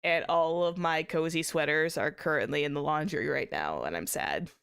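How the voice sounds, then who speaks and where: A woman's voice: low-pitched, normal speed, vocal fry, a bit bright, smooth. A woman streamer chatting casually with viewers, rambling with many restarts and small laughs. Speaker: VTuber streamer.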